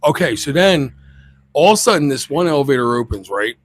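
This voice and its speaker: Animated man telling a cruise story. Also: mid-range voice, fairly quick, no echo. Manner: animated, acts out quoted people, interrupts. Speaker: cruise vlogger. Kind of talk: casual storytelling chat.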